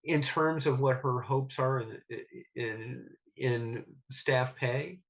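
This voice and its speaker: A man moderating a town hall forum who asks questions haltingly, with many restarts. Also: medium pitch, fairly even intonation. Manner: halting, full of restarts while phrasing questions. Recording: dull lo-fi sound.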